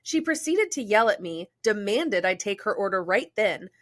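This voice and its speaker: A woman's voice: mid-range voice, moderate pace. A woman podcast host reading a listener's story aloud, breaking off to joke and laugh in casual asides. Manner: animated, laughs and jokes between read passages.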